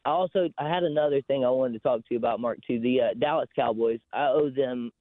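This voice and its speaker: A man's voice: mid-range voice, fast talker, dry recording. A man with a Southern US accent calling in to a radio show, telling a folksy story. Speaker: caller. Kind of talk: call-in trash talk. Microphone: phone. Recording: tinny phone line.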